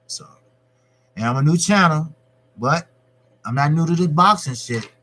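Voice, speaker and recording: Male boxing channel host; loose, cussing live-stream talk, a bit higher than average. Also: unhurried. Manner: profane, repetitive, animated. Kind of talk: casual live-stream rant.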